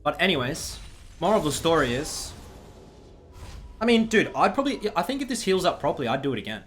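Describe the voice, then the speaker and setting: A man's voice: fairly high pitch, fairly quick, faint music behind. A young man, telling a story to his stream in casual, swearing chat. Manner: swears a lot, animated retelling.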